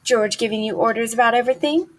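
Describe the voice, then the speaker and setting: A woman's voice: on the high side, fast, natural voice, poor audio. A woman reading aloud as a lonely young ranch wife who speaks in a coaxing, chatty way.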